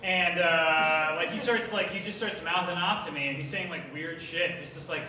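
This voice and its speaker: A young man at an open mic doing rambling, profane stand-up that bursts into shouting. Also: a little high, steady tone, normal speed, few pauses, soft background music. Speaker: stand-up comedian. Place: small bar at an open mic night, indoors. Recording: echoey bar taped from far off, with room noise.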